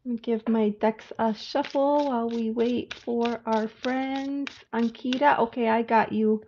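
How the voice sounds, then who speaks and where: A woman's voice: a little high, steady tone, a little slow, a little mellow. A woman hosting a casual livestream of card readings, chatty and greeting viewers by name. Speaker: livestream tarot reader. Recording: dull lo-fi audio with faint hiss.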